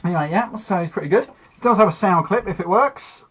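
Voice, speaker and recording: A man's voice: high voice, brisk, noisy background. A man casually reviewing a toy, chatting easily as he handles it. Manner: chatty and easygoing, narrating while fiddling with a toy.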